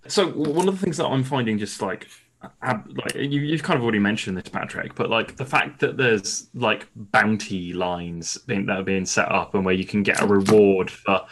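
A man with a fairly low voice chats as a podcast co-host. He fills his talk with "like" and reacts strongly to what he hears. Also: normal speed. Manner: chatty, lots of "like", strong reactions. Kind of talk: casual podcast chat.

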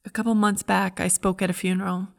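A woman's voice: medium pitch, level tone, fast, gravelly. A middle-aged woman giving a heartfelt, earnest devotional message as a Christian speaker.

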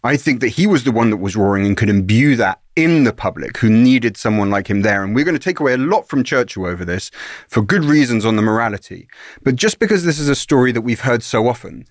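A man's voice: mid-range voice, animated, quick pace, no echo. A middle-aged man talks through ideas on a podcast in an analytical, explaining way. His voice sits in an ordinary middle register. The sound is close and dry, with no room around it. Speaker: podcast co-host. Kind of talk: conversational history podcast.

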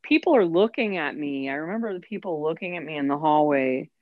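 A woman's voice: low voice, animated, a little fast, no echo, narrow, tinny audio. A woman telling her own story as an interview guest, candid and emotional. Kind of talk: personal storytelling.

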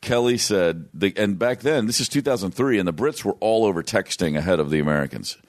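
A man with a low voice tells a tour story in loose conversation. He rambles, restarts his sentences and laughs as he goes. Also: expressive, brisk. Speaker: guest musician. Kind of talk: casual storytelling.

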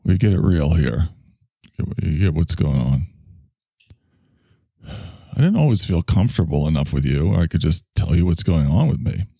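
A man hosts a casual solo chat show, rambling through sarcastic asides and heavy sighs. His low voice is gravelly and dark, with lively swings in pitch, recorded close and dry. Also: normal speed, pauses often, no room sound. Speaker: host.

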